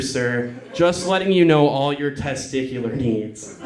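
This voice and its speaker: A man performing a stand-up comedy set on a club stage, cursing and acting out callers in quick voices. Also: fairly high pitch, expressive, background noise. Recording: echoey club with crowd. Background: audience laughing.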